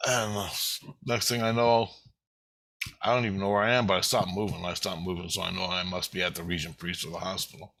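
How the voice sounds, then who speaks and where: A man's voice: lowish voice, steady tone, a little fast, a bit bright, rough recording. A man in his fifties giving a rambling first-person account of a spiritual experience, intense and emotional, swearing heavily. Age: 50s. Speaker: vlogger recounting a spiritual experience.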